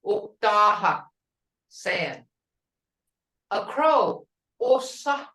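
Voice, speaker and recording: Slow-speaking woman teaching a class. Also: mid-range voice, sing-song, bright, forceful tone, echoey room, recorded from a distance, rough recording. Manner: repeats words slowly for learners. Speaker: language teacher. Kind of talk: online language class.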